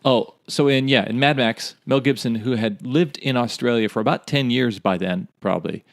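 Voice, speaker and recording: A man's voice: mid-range voice, moderate pace, creaky, dry recording, clean studio sound. A man co-hosting a podcast in casual chat, rambling and speculating, laughing at his own stories. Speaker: podcast co-host.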